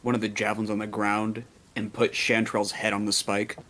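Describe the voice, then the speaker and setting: A man's voice: on the low side, monotone, normal speed, sharp tone. Casual male tabletop player. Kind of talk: playing a tabletop game.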